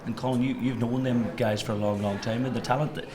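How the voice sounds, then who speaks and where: A man's voice: mid-range voice, fairly even intonation, fast, very noisy. A man hosting a TV interview and asking rambling, hesitant questions full of fillers. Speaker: TV interviewer host. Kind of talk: casual interview chat.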